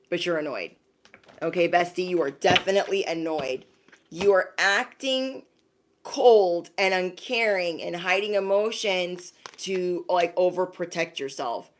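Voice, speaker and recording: A woman giving a live-streamed zodiac reading. She is chatty and slangy, talks straight to her viewers, and often acts out quoted voices. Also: on the low side. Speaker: intuitive card reader.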